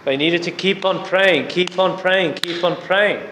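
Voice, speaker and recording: A man preaching a sermon, earnestly urging prayer and fasting and citing scripture as he goes. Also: high voice, pushed and bright. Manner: earnest, repetitive exhortation with scripture references. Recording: echoey hall with faint background noise.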